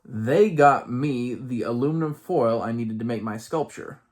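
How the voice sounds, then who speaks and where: A man's voice: medium pitch, measured pace, darkish tone. A man in his late thirties reading aloud from a personal journal, with wry, amused asides and playful lifts in his voice.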